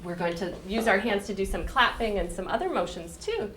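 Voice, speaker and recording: A woman's voice: medium pitch, expressive, fairly quick, few pauses. A woman teacher leading rhymes and reading a picture book to young children in a patient, sing-song way, recorded in a classroom. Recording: echoey room, distant mic, noisy.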